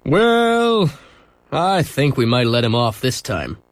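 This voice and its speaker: A man's voice: mid-range voice, very animated, slow pace, no echo. A man reading a storybook aloud and voicing a mild, easygoing police driver.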